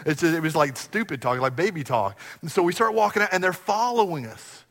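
A man preaching a sermon to his congregation in a church, telling stories with animated bursts and quiet asides. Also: a little high, brisk, in a large hall. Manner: animated storytelling, swinging between loud bursts and quiet asides. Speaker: pastor. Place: church sanctuary.

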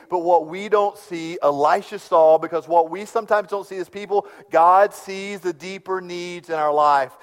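A man preaching a sermon, telling stories and swinging from hushed tones to loud bursts. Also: high voice, fairly quick, few pauses. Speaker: pastor. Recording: long hall reverb.

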